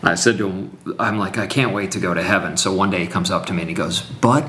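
A man's voice: sits low, quick pace, a bit bright, slight background noise. A man speaking in a teaching conversation with emphatic, preacherly build-ups and repetition. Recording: roomy echo.

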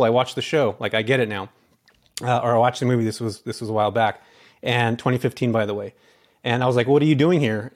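A man talking casually as an interview guest, a chatty storyteller from California. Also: medium pitch. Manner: fast, chatty storyteller with many fillers. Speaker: guest, real estate investor.

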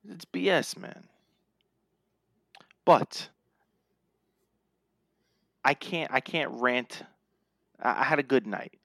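A man co-hosting a casual podcast, talking in an animated, ranting way with playful self-hype. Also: mid-range voice, slow pace, pauses often, no echo, clean studio sound. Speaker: podcast co-host. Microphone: remote podcast mic.

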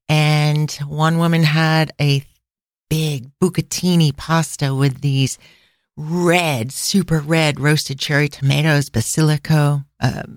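Podcast co-host: chatty middle-aged woman, mid pitch, close dry sound. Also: no echo. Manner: chatty, laughs often. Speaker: podcast co-host and travel planner. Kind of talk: casual travel podcast chat.

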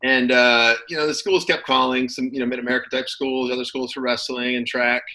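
Bright-voiced man telling stories easily. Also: medium pitch, a little fast, poor audio. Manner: relaxed storyteller, many fillers and restarts. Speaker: guest, former football player. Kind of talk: casual interview chat.

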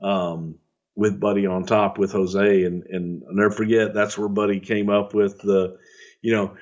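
A man's voice: on the low side, little pitch movement, a little slow, darkish tone, muffled recording. A middle-aged man telling wrestling stories in casual podcast chat, profane and rambling, with chuckles. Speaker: podcast storyteller.

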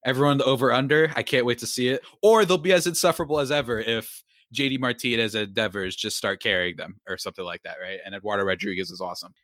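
A young man talking sports on a podcast, rambling through his points with constant asides and self-corrections. His voice sits at an ordinary middle pitch and sounds close and dry, with no room around it. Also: quick pace, few pauses, no room sound. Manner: rambling, animated, self-interrupting. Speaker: podcast host. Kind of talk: casual sports talk.

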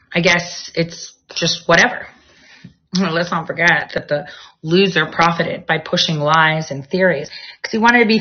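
A woman vlogs from home in a casual, rambling way, hopping between topics as they come to her. Her voice sits low and a bit husky. The recording sounds dull and lo-fi. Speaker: vlogger. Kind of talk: casual chat to viewers. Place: at home, near a bedroom studio.

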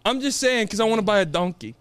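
A young man on a casual podcast, teasing his co-host and laughing often. His voice sits high for a man, recorded close and dry with no room sound. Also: expressive, fast, a bit bright, clean tone, no echo. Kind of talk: casual comedic chat.

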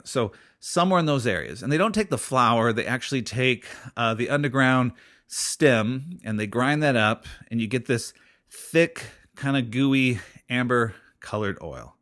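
A man's voice: medium pitch, a bit bright. A man preaching a sermon in a conversational way, thinking aloud with many restarts and asides. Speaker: pastor.

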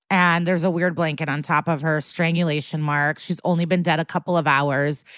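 A woman with a slightly low voice talks through a TV episode as a podcast co-host. Her delivery is loose and chatty, with lots of filler and casual swearing. The recording is dry and close, with no room sound. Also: fairly bright tone, no room sound. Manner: chatty, swears freely, heavy use of "like".

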